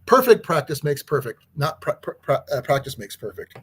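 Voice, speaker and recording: A man hosting an outdoors channel who teaches archery, talking in a casual, rambling livestream chat with a hoarse, husky voice. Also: a little high, very animated, moderate pace. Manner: rambling, chatty, with many restarts.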